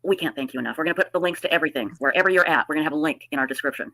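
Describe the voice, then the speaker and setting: A woman's voice: sits low, racing, bright, forceful tone, low-quality recording. A woman hosting a live stream in casual, effusive chat, with a slight lisp from new dentures. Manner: effusive, chatty. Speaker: livestream host.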